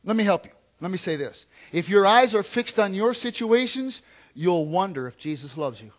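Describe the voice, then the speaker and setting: This male pastor delivers a conversational sermon at a moderate pace in a high-pitched, animated voice. He repeats phrases and moves from soft asides to loud, emphatic declarations.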